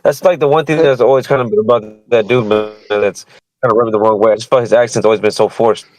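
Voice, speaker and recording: A man's voice: lowish voice, fairly even intonation, a little mellow, poor audio. A man on a boxing podcast panel, talking casually with lots of slang. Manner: fast, slangy, ends phrases with "bro" and "dude".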